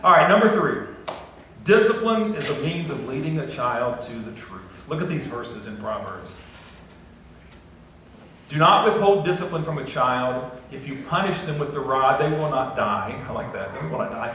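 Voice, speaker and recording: In a church sanctuary, a middle-aged pastor preaches a conversational sermon full of folksy, self-deprecating asides. His medium-pitched voice is bright and forceful, with lively intonation at a normal speed. The recording is echoey and distant, with slight background noise.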